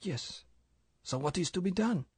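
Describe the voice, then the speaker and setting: A male narrator voicing a proud, wounded young woman who speaks in a low, tense voice. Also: animated, unhurried, darkish tone, husky, heavily acted. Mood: harsh. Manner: tense, low voice with foreign phrasing.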